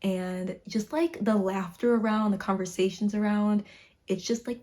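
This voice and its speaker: Speaking at a moderate pace with a warm tone and a mid-range voice, a twenty-something vlogger from Chicago talks casually to her viewers. She's bubbly and chatty, filling her speech with "like," while filming in a room at home in winter.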